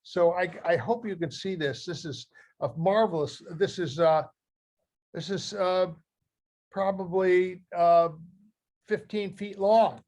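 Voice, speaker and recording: Older man from Ohio, halting heartfelt talk. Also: high-pitched, darkish tone. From Ohio, USA. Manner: halting and heartfelt, often restarting phrases. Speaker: guest speaker. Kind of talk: talk reading from his memoir.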